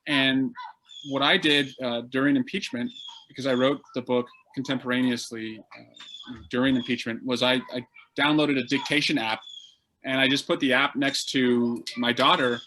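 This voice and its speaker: A man's voice: mid-range voice, moderate pace, sharp tone, a little hiss or hum, poor audio. A man, a congressman, answering audience questions over a video call in a conversational way with many filler sounds. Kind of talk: casual Q&A answers.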